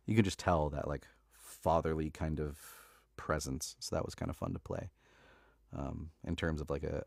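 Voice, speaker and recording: A man's voice: sits low, vocal fry, a little mellow, no echo, clean studio sound. A man who narrates audiobooks, chatting casually on a live stream in a laid-back way, with lots of filler words and easy laughs.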